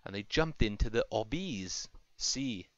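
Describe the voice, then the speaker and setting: A man narrating an improvised toy-play story in a lively, playful way. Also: lowish voice, a little slow, dry recording. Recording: dull lo-fi home recording.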